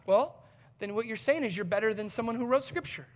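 High-voiced animated male pastor. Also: fast. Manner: animated, conversational preaching with emphatic swings. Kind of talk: sermon.

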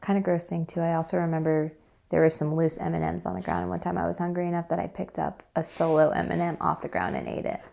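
A woman's voice: on the low side, flat delivery, fast talker, vocal fry, dark tone. A woman as an interview guest, telling a story in a casual, chatty way with many fillers.

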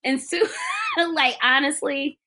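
A young woman recapping a film in casual chat, animated, laughing often and loudly acting out the characters' lines. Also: high voice, slow.

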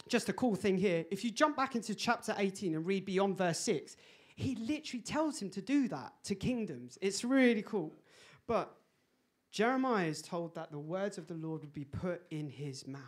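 A man preaching a sermon, telling a personal story in an animated, laughing way. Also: high voice, normal speed. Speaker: pastor.

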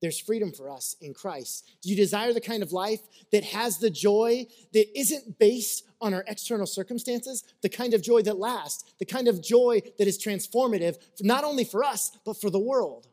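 A man's voice: sits high, normal speed, hardly any pauses, darkish tone. A man preaching a sermon as a pastor, earnest and conversational, mixing scripture with personal stories.

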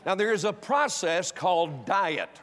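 An older man preaching a sermon, emphatic, moving between loud exhortation and hushed personal storytelling. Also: sits high, very animated, unhurried. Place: church auditorium. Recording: long hall reverb.

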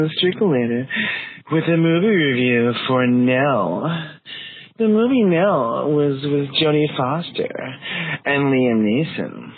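A voice actor giving a rambling, hesitant movie review full of fillers. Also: male voice, fairly high pitch. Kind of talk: casual recorded review. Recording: tinny phone-like recording with faint hiss.

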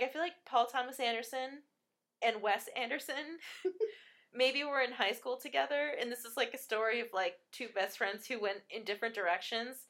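A woman's voice: on the high side, a bit bright. A woman chatting casually about a film, rambling with lots of fillers and laughing often.

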